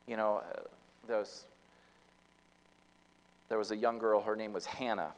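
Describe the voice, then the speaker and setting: A man's voice: fairly low pitch, steady tone, unhurried, low-quality recording. A man preaching a sermon as pastor, telling a story with many fillers and restarts, his volume rising and falling. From United States.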